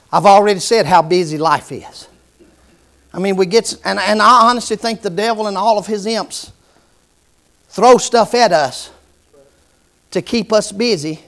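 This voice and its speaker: A man preaching a sermon, moving from conversational storytelling to emphatic, loud preaching. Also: high voice. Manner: preaching that builds to emphatic shouting. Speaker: traveling preacher.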